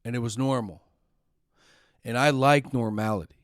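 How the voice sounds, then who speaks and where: A man's voice: medium pitch, normal speed, pauses often, no room sound, clean studio sound. A middle-aged man hosting a podcast, telling a personal story in an earnest, emotional way and sometimes repeating words when upset. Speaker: podcast host.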